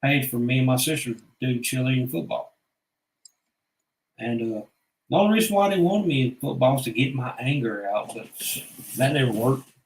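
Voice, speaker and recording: Animated and at a normal pace, this medium-pitched male vlogger recounts episodes from his life. The storytelling is casual, crude, blunt and wandering, with echo from the room behind him.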